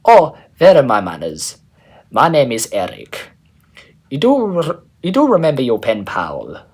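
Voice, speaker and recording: A man's voice: medium pitch, huge pitch swings, unhurried, husky, exaggerated voice. A man voicing a friendly, polite teenage boy with a put-on German accent in a storybook reading. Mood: eager.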